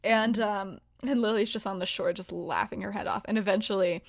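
A woman's voice: medium pitch, steady tone, brisk, vocal fry, no echo, clean studio sound. A woman hosting a podcast, telling a fan-fiction story in a loose, rambling way, full of "like" and "um" and frequent giggles. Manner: chatty, rambling, many "like" and "um" fillers, giggles often. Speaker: podcast host.

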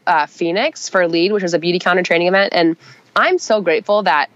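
A woman's voice: lowish voice, fairly quick, a bit bright, no echo. Nasal woman recovering from a cold. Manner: chatty, upbeat, many fillers. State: nasal, getting over a cold. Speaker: podcast co-host. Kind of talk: casual chat. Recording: dull, dry sound.

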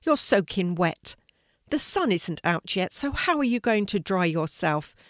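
A woman voicing a mean, bossy brother squirrel in a children's story, speaking in a sharp, scolding way. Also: mid-range voice, big pitch swings, measured pace, dry recording, studio quality.

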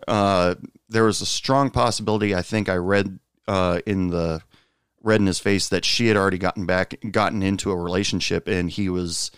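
Man, low voice, smooth and resonant, dry close sound, rambling casual storytelling. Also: steady tone, moderate pace, no room sound. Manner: rambling, many fillers and asides; jumps high when quoting others. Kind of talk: casual anecdote monologue.

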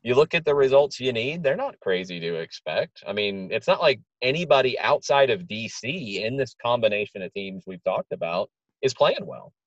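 A man's voice: mid-range voice, sing-song, normal speed, dry recording, lo-fi sound. Blunt soccer co-host guy, dry close sound, stumbles into his points. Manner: blunt, repeats words while building his point. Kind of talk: casual sports analysis.

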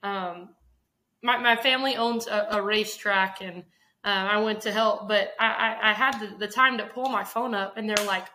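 A woman's voice: mid-range voice, steady tone, moderate pace, bright, forceful tone, a little hiss or hum. A woman co-hosting a casual sports podcast, chatting agreeably and telling stories with lots of "like.". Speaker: podcast co-host.

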